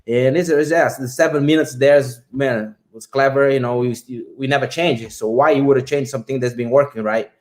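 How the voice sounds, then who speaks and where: A man's voice: mid-range voice, fairly even intonation, a little fast, hardly any pauses. A man chatting as an interview guest, easygoing, with loose phrasing and many fillers. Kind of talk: casual interview chat.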